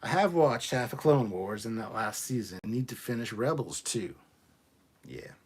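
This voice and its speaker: Husky-voiced man hosting a casual live chat. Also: mid-range voice, lively intonation, normal speed. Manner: chatty, reads viewer comments aloud, loose and joking. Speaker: livestream host reading chat.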